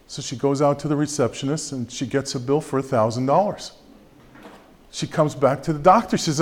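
Guy telling a joke to a crowd, chatty, lots of uhs, middle pitch voice. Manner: conversational, halting with fillers, acts out the characters. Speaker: speaker addressing an audience. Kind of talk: storytelling a joke.

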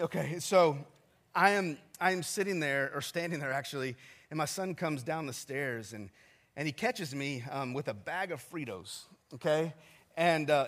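A man's voice: a little high, fairly bright tone. A man in his forties, a pastor preaching a sermon in a chatty, self-deprecating storytelling manner with asides to the congregation. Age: 40s.

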